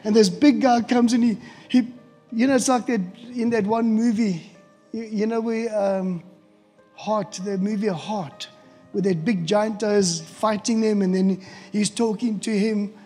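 A middle-aged man, preaching a storytelling sermon in an animated way, acting out quotes and often restarting words. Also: sits high, a little slow, slightly rough. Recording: hall reverb with faint music.

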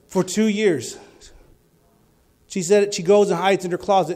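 A male preacher giving a sermon, telling healing stories and rising to loud, fervent exclamations. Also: high voice, moderate pace.

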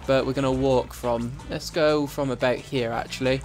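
A man's voice: mid-range voice, fairly even intonation, normal speed. Young male gaming host, loose foul-mouthed commentary over a faint music bed. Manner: chatty, swears freely. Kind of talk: casual let's-play commentary.

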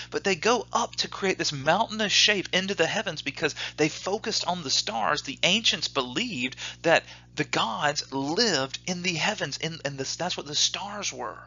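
A man teaching a church Bible class, lively and questioning, reading scripture aloud. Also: a little high, husky. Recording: dull lo-fi recording.

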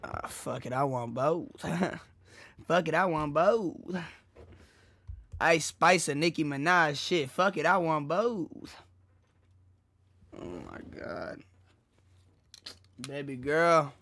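A young man streaming a casual reaction chat, crude and excitable, jumping between loud outbursts and low mutters into a desk mic. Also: slow pace, pauses often, no echo. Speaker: streamer reacting to a music video.

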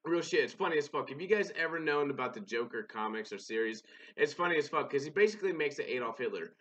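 A man's voice: fairly high pitch, lively intonation, quick pace, fairly bright tone, dull audio. A young man giving casual, rambling, profane commentary while playing a game, often restarting his sentences. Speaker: gaming channel host.

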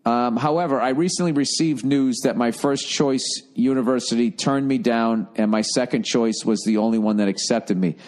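A middle-aged man hosting a comedy advice podcast, reading listener letters and riffing loudly with profanity. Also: mid-range voice, normal speed, hardly any pauses. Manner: loud, profane, animated riffing with mocking put-on voices. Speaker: podcast host giving advice.

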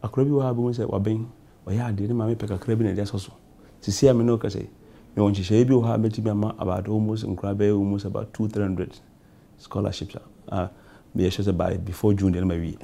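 A Ghanaian member of parliament answers talk show questions in English and Twi, rambling and going over the same points. He speaks at a quick pace in a steady, mellow, lowish voice with vocal fry.

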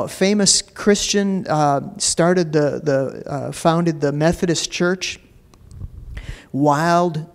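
A male pastor with a fairly high voice gives a sermon, first telling a story from his life, then preaching with rising emphasis. He often repeats words as he starts a phrase.

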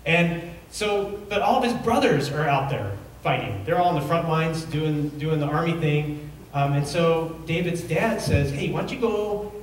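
A man's voice: a little high, expressive, measured pace, a little hiss or hum. A middle-aged man from Reno preaching a sermon in a casual, rambling storytelling way, acting out the quotes as he goes. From Reno, Nevada, USA. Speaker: pastor. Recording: very echoey hall, mic at a distance.

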